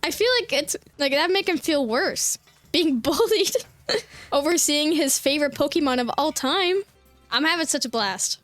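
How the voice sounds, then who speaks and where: A woman's voice: high voice, moderate pace, fairly bright tone, soft background music. A young woman giving playful, giggly commentary while playing a video game. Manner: giggly and playful, often laughing. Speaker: gaming streamer. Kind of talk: casual gameplay commentary.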